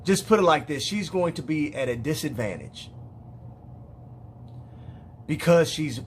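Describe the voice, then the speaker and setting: A man with a fairly high voice speaks very slowly in an emotional personal monologue as a father. He sounds weary and heartfelt, halting often, repeating words and restarting his sentences. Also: lively intonation, a little hiss or hum. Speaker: father speaking to other parents.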